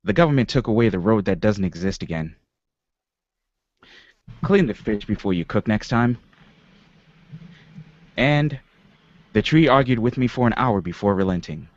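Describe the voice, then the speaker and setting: Low-voiced man reading deadpan. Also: moderate pace, long pauses. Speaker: podcast guest. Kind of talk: reading writing prompts aloud. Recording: dry, muffled lo-fi audio.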